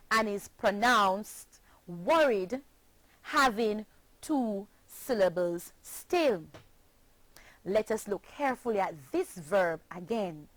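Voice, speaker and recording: Woman teacher, Jamaican accent, very slow deliberate delivery, spells letters, dry close sound. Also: medium pitch, fairly bright tone, no room sound, rough recording. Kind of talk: slow scripted phonics lesson.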